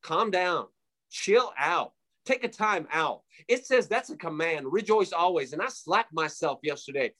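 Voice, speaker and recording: A man's voice: fairly high pitch, big pitch swings, measured pace, bright, forceful tone. A man giving a fervent preaching testimony as a guest, emphatic and repetitive, with frequent fillers.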